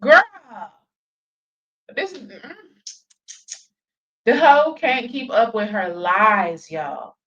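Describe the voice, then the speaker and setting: A woman's voice: a little high, big pitch swings, very slow, long pauses, a bit bright, muffled recording. A woman hosting reaction commentary, sarcastic and exasperated. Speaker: commentary host.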